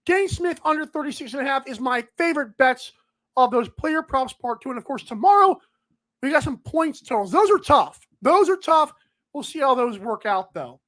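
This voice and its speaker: High-voiced woman hosting a betting podcast. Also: animated, moderate pace, a bit bright. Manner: rambling, talks straight to players. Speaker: sports betting podcast host. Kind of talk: casual sports betting talk.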